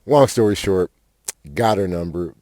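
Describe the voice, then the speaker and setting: A man's voice: deep voice, a little slow, warm tone, dry recording, studio quality. A young man, a podcast host telling a rambling, profane story with lots of fillers. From Fort Worth, Texas. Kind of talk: casual storytelling monologue.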